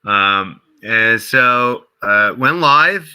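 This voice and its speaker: A man being interviewed as a guest, telling a casual story in an animated way, acting out quoted dialogue, with many fillers and restarts. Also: mid-range voice, very slow, clear, resonant tone, poor audio. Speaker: interview guest, game company co-founder.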